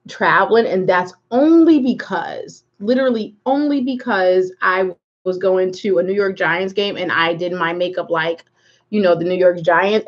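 A woman's voice: lowish voice, lo-fi sound. A woman hosting a live makeup tutorial, chatting casually and rambling while she greets viewers by name. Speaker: makeup livestream host.

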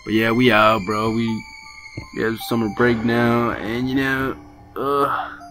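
A man's voice: mid-range voice, little pitch movement, slow pace. A man in his late teens from Las Vegas, chatting casually through a let's play at home and calling everyone bro. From Las Vegas, Nevada. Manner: casual and slangy, keeps saying bro. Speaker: gamer. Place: home with brothers nearby. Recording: game music behind the voice.

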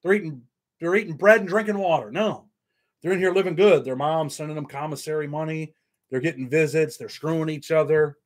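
A man's voice: fairly high pitch, brisk. A man hosting a casual livestream, rambling and swearing while reading viewer comments aloud. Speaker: show host.

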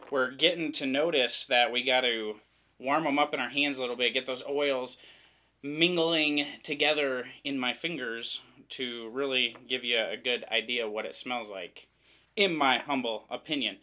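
A man's voice: mid-range voice, sharp tone. A man from the American Midwest giving a casual, rambling unboxing commentary, joking and poking fun at himself as he goes. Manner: rambling, joking, self-deprecating. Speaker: vlogger reviewing products.

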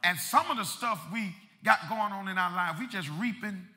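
In a large church sanctuary, a male pastor preaches with impassioned fervor, his sermon rising to shouts and pushing forward through rhythmic repetition. His voice is high-pitched and his pace moderate, with the sound of a big hall.

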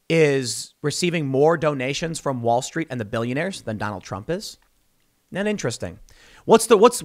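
Male commentator, solo rant, high and very animated, sarcastic edge. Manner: emphatic, rhetorical, sarcastic. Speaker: political commentator.

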